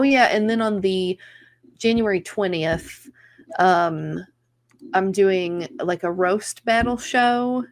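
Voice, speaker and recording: Chatty woman comedian. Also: on the low side. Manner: chatty, lots of likes and ums. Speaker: comedian guest. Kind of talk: casual chat.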